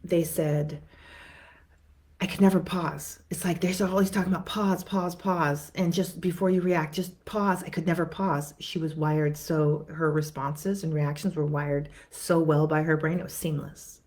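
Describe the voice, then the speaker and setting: A woman's voice: low-pitched, steady tone, moderate pace, few pauses, darkish tone. A woman therapist giving a conversational teaching talk to viewers, repeating words and acting out what clients say.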